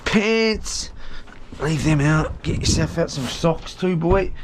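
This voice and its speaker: Brief: man, solo boat vlogger, slow rambling self-talk, slightly high voice, faint noise behind. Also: lively intonation. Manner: rambling, talks to himself, swears often. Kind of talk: casual live-stream chat while tidying a boat. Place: small houseboat on the water.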